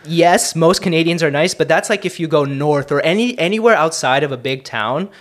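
A man's voice: a little high, brisk, a bit bright. A man who is a podcast guest, talking casually in a brash, joking way and swearing often. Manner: brash, swearing, mimics voices for jokes.

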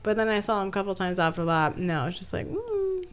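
A woman co-hosting a casual podcast chat, an animated storyteller who laughs often and swears freely. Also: mid-range voice, brisk, clean tone. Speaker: podcast co-host.

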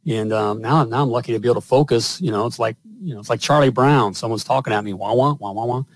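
A man's voice: medium pitch, fast, dry recording. A middle-aged man hosting a show, telling a personal story in a rambling way with lots of fillers and chuckles. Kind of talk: casual storytelling.

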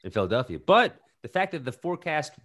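A man's voice: a little high, very animated, fast, a bit bright. A man co-hosting a podcast, teasing his co-host playfully in casual banter.

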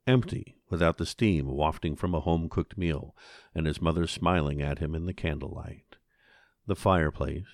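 A man reading an audiobook in a slow, measured storytelling voice. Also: rumbling low, creaky, dry recording, studio quality. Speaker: narrator. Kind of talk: audiobook narration.

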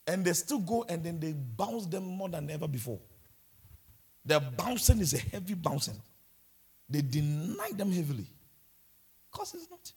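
Male preacher, high raspy voice with gravelly fry, animated storytelling sermon delivery.

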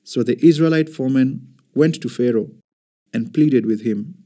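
A man narrating an audio Bible in an even, measured scripted reading. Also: mid-range voice. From Kenya.

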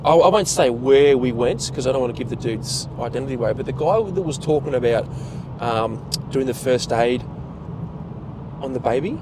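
A man with an Australian accent, co-hosting a podcast and telling stories in a casual, animated way, swearing freely and acting out quotes. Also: mid-range voice, normal speed, background noise. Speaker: podcast co-host. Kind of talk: casual chat.

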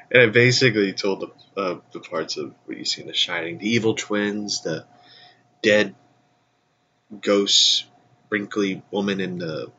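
Groggy deep-voiced man, stuffy nose. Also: sharp tone, dull audio, slight background noise. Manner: rambling, laughs often, trails off. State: groggy, just woke up. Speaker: podcast host. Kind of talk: casual solo podcast chat.

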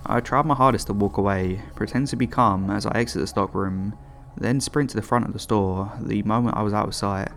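A man narrating true horror stories as a steady, measured first-person reading. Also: on the low side, slight background noise. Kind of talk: scripted horror story narration.

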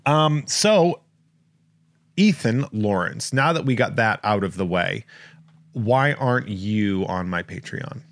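A man hosting a podcast in casual chat, joking and rambling through listener shout-outs. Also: on the low side, expressive, slow pace. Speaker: podcast host.

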